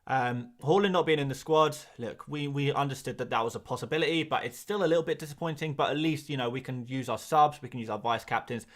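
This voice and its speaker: A man's voice: mid-range voice, fast talker, hardly any pauses. A man with an English accent, hosting a live stream and answering viewers in a rambling, self-deprecating way, often repeating words, from a small cupboard-like room. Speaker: host.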